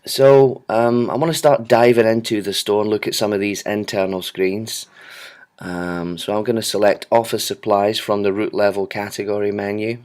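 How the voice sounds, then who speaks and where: A man giving a relaxed, conversational walkthrough of a software storefront, with frequent ums. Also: lowish voice, normal speed, clean tone. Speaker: software product presenter. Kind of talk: screen-recorded product walkthrough.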